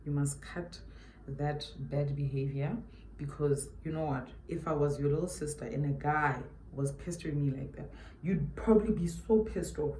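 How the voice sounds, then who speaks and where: A woman's voice: low-pitched, normal speed, mellow, echoey room, a little hiss or hum. A South African woman telling a story while doing her makeup, emphatic and chatty, repeating her points for weight. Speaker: beauty YouTuber.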